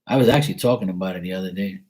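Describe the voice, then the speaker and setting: A man's voice: deep voice, racing, a little mellow, breathy edge. A man, a tarot reader, chatting casually and candidly with his live-stream viewers in a rambling, laid-back way.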